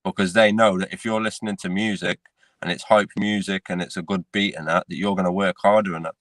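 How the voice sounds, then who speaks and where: A very low-voiced man, talking easily on a casual podcast. He keeps it relaxed and scatters "mate" and "innit" through his sentences. The recording is close and dry, with no room sound. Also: fast, no room sound. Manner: laid-back, peppers speech with "mate" and "innit". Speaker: podcast co-host. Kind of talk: casual chat.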